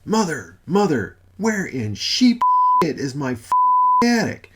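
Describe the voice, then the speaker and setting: A man's voice: mid-range voice, sing-song, unhurried, background noise, voice pushed up. A man voicing an ancient, wrathful male god who roars, curses and makes demands. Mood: roaring. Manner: roaring, cursing, demanding.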